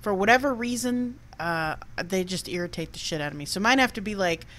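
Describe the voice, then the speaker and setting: Middle-aged woman co-host, crude and blunt, mid-pitched everyday voice. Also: animated, brisk, fairly bright tone. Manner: blunt, crude, swears freely. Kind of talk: casual chat.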